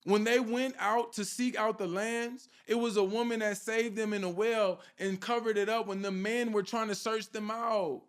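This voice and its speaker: A man's voice: high-pitched, fairly even intonation, normal speed, few pauses, smooth. A man preaching an informal sermon with fervour, firing rhetorical questions at his listeners and repeating a question for emphasis.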